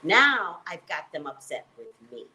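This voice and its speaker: A woman who works as a psychic reader, telling a personal story in an emphatic, animated way and acting out the dialogue. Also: lowish voice, unhurried, a little hiss or hum, poor audio.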